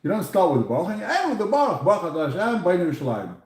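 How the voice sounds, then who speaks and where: A man's voice: high-pitched, huge pitch swings, very fast, echoey room. A man teaching a Talmud lesson, asking questions and answering them himself, with Hebrew and Aramaic terms mixed into his English. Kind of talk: Talmud lecture.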